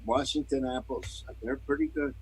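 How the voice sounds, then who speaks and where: A man's voice: medium pitch, fairly even intonation, moderate pace, slight background noise, rough recording. A man co-hosting a podcast, chatting casually and telling laid-back stories. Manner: laid-back storyteller, playful impressions. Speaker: podcast co-host. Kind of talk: casual chat.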